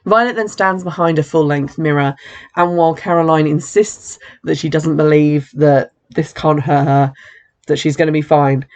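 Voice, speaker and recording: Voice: medium pitch, steady tone, normal speed. A podcast host casually recapping a horror film, chatty, with wry asides and frequent self-corrections.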